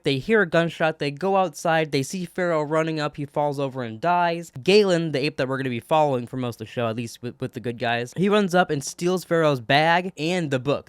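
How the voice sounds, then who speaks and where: Brief: male reviewer, mid-pitch, smooth clear voice, loose rambling recap, dry close sound. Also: dry recording. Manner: rambling, swears, laughs at himself. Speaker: TV episode reviewer. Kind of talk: casual plot recap.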